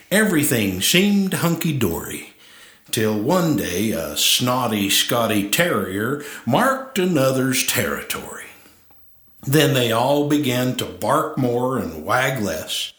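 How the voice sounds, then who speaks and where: Male cowboy-poetry reciter, slow and animated, roomy recording. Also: medium pitch. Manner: storytelling with playful put-on accents.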